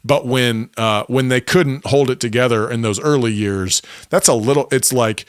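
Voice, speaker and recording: Animated male podcast co-host. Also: mid-range voice, moderate pace, clear, resonant tone, no room sound, clean studio sound. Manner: animated, laughs while retelling scenes. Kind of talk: casual chat.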